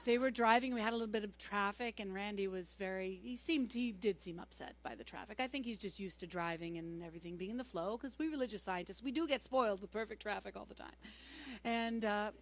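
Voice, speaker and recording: A woman's voice: mid-range voice, brisk. A singer-songwriter woman telling chatty stories between songs at a live concert in a church. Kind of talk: live concert with stage banter. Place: church sanctuary, live performance. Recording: live music mixed with voice. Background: instrumental music.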